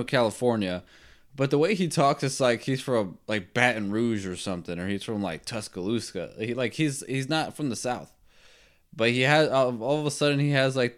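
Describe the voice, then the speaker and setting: A man hosting a podcast, giving rambling, opinionated football talk and laughing at his own jokes. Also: on the low side. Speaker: podcast host. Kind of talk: casual sports talk.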